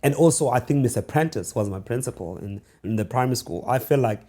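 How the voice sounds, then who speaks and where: A South African man in his forties, an author being interviewed, telling stories from his childhood in a reflective way, with restarts and pauses. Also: mid-range voice, animated. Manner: reflective, halting restarts, slowing into hushed storytelling. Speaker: author and guest. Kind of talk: conversational interview storytelling.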